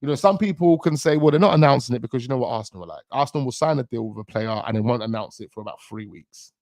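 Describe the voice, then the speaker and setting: A man's voice: mid-range voice, animated, rapid-fire, gravelly, a little mellow, no echo, studio quality. Slangy man chatting about football. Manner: slangy, rambling, chuckling asides. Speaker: football channel host. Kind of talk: casual live-stream chat.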